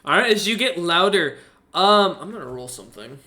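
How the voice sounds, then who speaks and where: Bright-voiced man running a tabletop game. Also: high-pitched, expressive, a little fast. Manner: rambling with many fillers. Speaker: game master.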